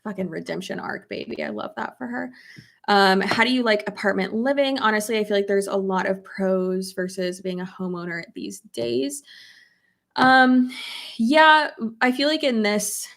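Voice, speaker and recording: A young woman with a stuffy, cold-clogged nose chats through her makeup routine at her makeup table at home, loose and blunt, swearing freely and reading viewer comments aloud. She's a beauty vlogger doing a casual get-ready-with-me, and her mid-range voice is gravelly, a touch bright, at normal speed.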